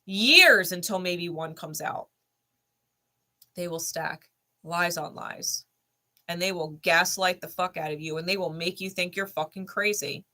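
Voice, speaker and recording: Woman, 30s, lowish pitch, bright edge; blunt, emphatic personal storyteller who swears freely. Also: unhurried. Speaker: spiritual channel host.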